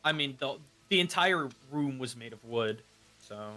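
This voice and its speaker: A man playing in a tabletop game, easygoing and casual, agreeing with quick short replies. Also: medium pitch, animated, bright, forceful tone, soft background music. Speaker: player.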